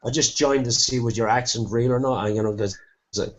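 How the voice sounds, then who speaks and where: A man's voice: mid-range voice, fairly even intonation, brisk. A man dropping into a live stream, joking and teasing in casual banter. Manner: joking, cheeky, says "listen". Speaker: caller joining a live stream. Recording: dull lo-fi call audio.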